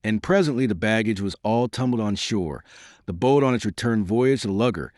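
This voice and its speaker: A man reading an audiobook in a measured, formal storytelling manner. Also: lowish voice, expressive, darkish tone, no room sound, studio quality. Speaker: audiobook narrator. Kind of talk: scripted audiobook narration.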